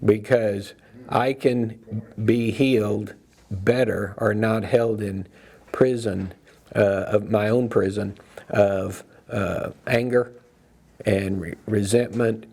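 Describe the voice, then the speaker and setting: Gravelly man leading a Bible study. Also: lowish voice, fairly even intonation, slow, darkish tone. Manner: reflective, loose, many fillers and restarts. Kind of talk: casual teaching talk.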